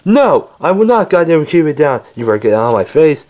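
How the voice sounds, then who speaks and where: A man running a rowdy home-made toy skit on his own, trading insults between characters. His voice swings widely, from squeaky shouts of "stop" to muttered low threats, and it sits a little high for a man. Faint background hiss stays under the voice. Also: animated, quick pace. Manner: shouty, bickering, jumps between high yelps and low grumbles. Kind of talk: improvised toy skit, arguing in several voices.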